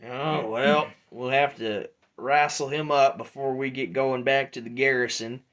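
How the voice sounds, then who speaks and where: A man voicing a tall, strong male crossbow-carrying guard, gruff and blunt, who swears and talks plainly. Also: mid-range voice, steady tone, unhurried, fairly bright tone, close to an everyday voice. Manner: rough, swearing, plain-spoken.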